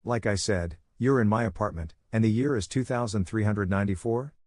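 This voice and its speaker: A man's voice: fairly low pitch, fairly quick, a little mellow, no echo, studio quality, close to an everyday voice. A man voicing a jittery, friendly young man who sounds nervous and unsure, trailing off into questions, in a storybook reading.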